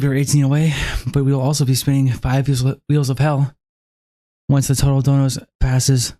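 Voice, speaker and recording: A man's voice: mid-range voice, mellow. A man live-streaming in casual talk, exhausted and struggling to speak, exasperated, with heavy sighs and swearing.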